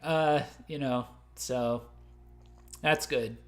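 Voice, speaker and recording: A man's voice: mid-range voice, steady tone, extremely slow. Rambling American man streaming music news. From United States. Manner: rambling, full of fillers and self-corrections; laughs at his own mistakes. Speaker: host of a music news livestream. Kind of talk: unscripted livestream commentary.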